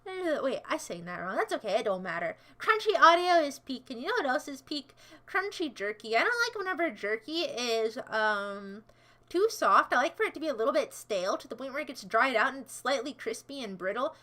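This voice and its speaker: A woman's voice: high-pitched, expressive, a little fast, bright, forceful tone. A woman livestreaming in a casual chat, answering her viewers in a playful, goofy way that jumps between silly voices and asides.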